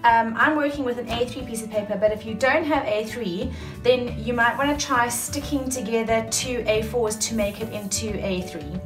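A woman's voice: on the high side, normal speed. Woman teacher explaining a craft, far off. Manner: chatty, instructive, many fillers. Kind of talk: craft lesson for children. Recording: roomy and distant, with music.

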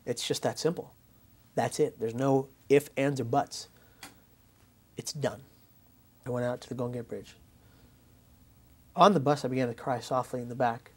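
A man quietly telling his own story as an interviewee. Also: medium pitch, fairly even intonation, normal speed, pauses often. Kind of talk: personal testimony.

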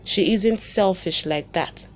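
A woman narrating a soap opera recap in a plain, steady reading voice. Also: mid-range voice, takes it slowly.

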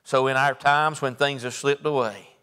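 A man with a Southern American accent preaching a sermon in folksy storytelling style, acting out Bible figures and moving between soft low asides and raised, emphatic preaching. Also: fairly even intonation, normal speed, clean tone, long reverb tail. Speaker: pastor. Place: church sanctuary.

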